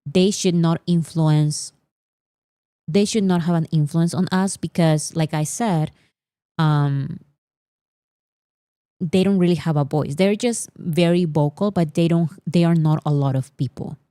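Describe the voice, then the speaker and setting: A woman's voice: low voice, unhurried, dark tone, no echo, clean studio sound. A woman hosting a casual livestream, chatting in an opinionated way with many fillers. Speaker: livestream host.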